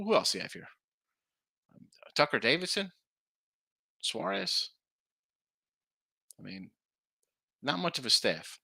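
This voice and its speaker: A man's voice: on the high side, bright, forceful tone, dry recording. A middle-aged man hosting a live sports betting stream, rambling casually and reading viewer comments aloud. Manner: rambling, chatty, reads viewer chat aloud. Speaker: sports betting show host.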